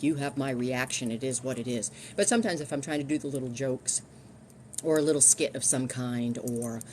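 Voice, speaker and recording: A woman's voice: extremely low pitch, a little mellow, a little hiss or hum. A middle-aged woman chatting casually on a live stream from home, rambling and restarting her sentences.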